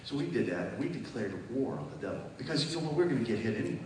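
A man preaching to a congregation, emphatic and chatty, often checking in with the audience. His voice is mid-pitched and heard from a distance. The sound is washed in a strong echo from a large hall, with faint ambient noise behind him. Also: animated, rapid-fire, darkish tone. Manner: emphatic and conversational, often asks the audience questions. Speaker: preacher giving a testimony. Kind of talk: sermon testimony. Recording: very echoey hall, mic far off.

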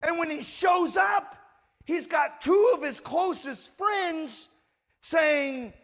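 High-voiced man preaching with passion. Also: slow pace. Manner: impassioned preaching, swinging between shouting and hushed asides. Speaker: pastor. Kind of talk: sermon.

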